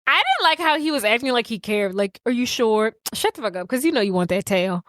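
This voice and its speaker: A woman's voice: on the high side, fast talker, no echo, studio quality. A woman co-hosting a podcast, casually retelling a movie plot and acting out the characters' lines with lots of swearing. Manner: animated storyteller acting out every character's lines, swearing freely. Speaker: podcast co-host.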